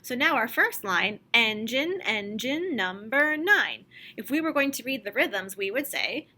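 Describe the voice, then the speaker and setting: A woman music teacher speaks to young children in a slow, patient voice and chants simple rhythm syllables for them to repeat. Her voice sits a little high and sounds bright and forward. A faint hiss of background noise runs under the recording. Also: animated.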